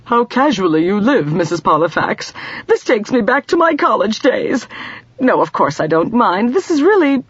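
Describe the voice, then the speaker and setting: Casting: a woman playing a prim older spinster neighbor, stern, raised husky voice, slightly muffled audiobook recording. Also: fairly high pitch, sing-song, moderate pace, no echo, pitched above the performer's own voice. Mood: eager. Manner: stern, prim, easily shocked.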